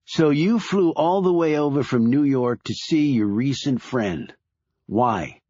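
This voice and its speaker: A man voicing an older bald security chief who questions calmly and probingly. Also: mid-range voice, a little slow, no room sound, highs cut off, pitched above the performer's own voice. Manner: calm, probing.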